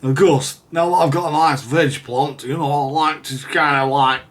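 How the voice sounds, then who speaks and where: A man doing a quick impression of a bluff, homely older northern English working man with a drawn-out delivery. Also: a little high, fairly even intonation, a bit bright, far from the mic, voice pushed up, lightly acted. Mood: hearty.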